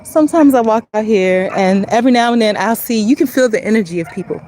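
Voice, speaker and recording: A woman's voice: on the high side, lively intonation, fast talker, a little mellow, a little hiss or hum, poor audio. A woman talking to her viewers in a casual, rambling vlog while walking outside, earnest and emotional. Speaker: vlogger speaking to viewers. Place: outdoors on a street, walking.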